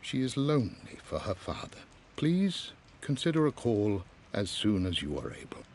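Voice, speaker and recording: Formal old butler, low-pitched, expressive, faint hiss behind. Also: male voice, moderate pace. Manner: formal, deferential. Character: devoted elderly male butler, formal and patient. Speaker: butler writing letters. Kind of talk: game voice-over narration.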